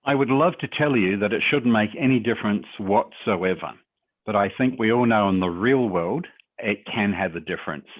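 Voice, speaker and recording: A man's voice: on the low side, moderate pace, dry recording. A man speaking as a guest on a video call, giving conversational, encouraging advice on public speaking and answering questions reflectively. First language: English. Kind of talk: webinar Q&A advice. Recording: dry, tinny phone-like call audio.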